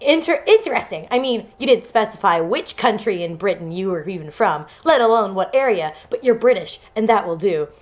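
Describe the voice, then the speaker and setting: A woman's voice: mid-range voice, lively intonation, brisk, hardly any pauses. A young woman reading amateur fiction aloud for laughs, stumbling over words and breaking into giggles. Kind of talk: comedic read-aloud of fan-style fiction.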